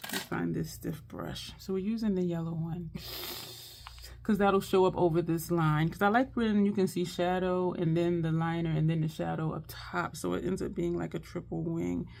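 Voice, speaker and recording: Woman makeup vlogger, low register with vocal fry, chatty and thinking out loud. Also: steady tone, moderate pace, slight background noise. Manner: chatty, thinks aloud while working. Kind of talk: casual makeup tutorial chat.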